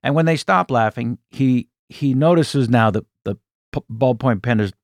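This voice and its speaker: A man in his sixties, a comedian guest, telling an anecdote in an animated way, with asides and self-corrections. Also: medium pitch, moderate pace, no echo, studio quality. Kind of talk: anecdotal storytelling in an interview.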